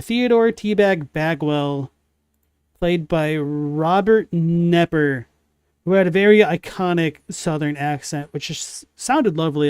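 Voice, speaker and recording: A man's voice: fairly high pitch, a little mellow, clear, resonant tone, no echo, clean studio sound. Chatty man narrating his gameplay. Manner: chatty, reacts aloud while playing and answers chat. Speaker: let's play host. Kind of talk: casual gameplay commentary.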